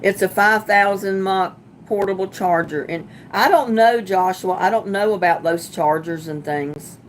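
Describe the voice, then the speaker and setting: A chatty woman hosting a livestream, answering viewers as she reads their comments aloud. Her pitch sits in an ordinary middle range, and she laughs often and sounds sympathetic. A faint ambient hiss runs under her voice. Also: a little slow. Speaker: livestream host. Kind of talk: casual livestream chat reading viewer comments.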